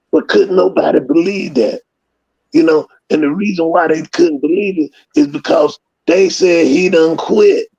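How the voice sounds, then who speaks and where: Gravelly man, profane storyteller. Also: on the high side, highs cut off. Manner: profane, rambling storyteller who acts out scenes loudly. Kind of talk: casual storytelling.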